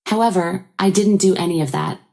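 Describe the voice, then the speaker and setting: Woman narrator for a first-person drama story, low pitch, mellow tone, steady read. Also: a little fast, creaky.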